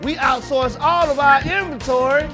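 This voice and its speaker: A man doing a loud, crude restaurant owner over music. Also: very high-pitched, steady tone, moderate pace. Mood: boastful. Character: brash male restaurant owner, boastful and crude. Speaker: podcast host. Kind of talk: comedy sketch.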